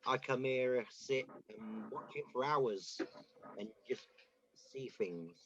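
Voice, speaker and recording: A man's voice: mid-range voice, takes it slowly, a bit bright, dry recording, muffled recording. A man playing a devoted gallery regular who hesitates and repeats words, then gushes about paintings, in an amateur stage drama. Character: enthusiastic male art-loving gallery regular.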